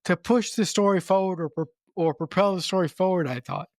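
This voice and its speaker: A podcast co-host in casual film discussion, talking haltingly with many repeated words and restarts. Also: mid-range voice, no echo, studio quality.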